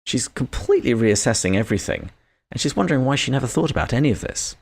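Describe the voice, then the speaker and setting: A British man co-hosting a podcast, talking through a novel in a measured way and reading passages aloud. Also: medium pitch, animated, gravelly, a little mellow, slightly rough. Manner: measured, reads quotations aloud. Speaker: podcast co-host. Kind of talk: casual book discussion.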